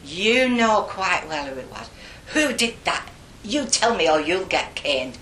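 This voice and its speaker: A woman's voice: lowish voice, big pitch swings, slow, slight background noise, heavily acted. Older woman playing a stern scolding nun. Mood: angry. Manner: sharp, scolding, demanding. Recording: echoey room.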